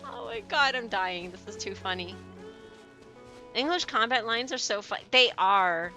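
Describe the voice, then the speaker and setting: A giggly young woman streamer with a very bright, lively voice that leaps around as she gushes over cute things in her game. Her laughter keeps breaking into her chatter, with light game music playing softly behind her. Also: a little high, measured pace. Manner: giggly, gushing, laughs often. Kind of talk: casual let's-play chatter.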